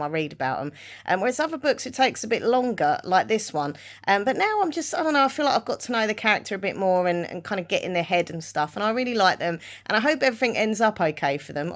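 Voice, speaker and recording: A woman's voice: mid-range voice, a bit bright. A woman vlogging in a chatty, rambling way about her reading, with plenty of fillers. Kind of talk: casual chat.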